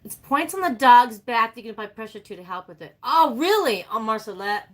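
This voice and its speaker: A woman's voice: fairly high pitch, animated, brisk. A woman chatting casually and animatedly with her livestream viewers, laughing often. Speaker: livestream host.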